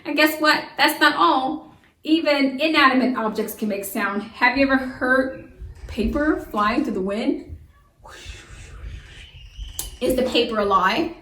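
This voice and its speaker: A woman teaching a science lesson to young children, lively and full of questions that she answers herself. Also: high-pitched, unhurried, long pauses, far from the mic. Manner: lively, asks the class questions and answers them. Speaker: homeschool teacher. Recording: echoey room, voice from away from the mic.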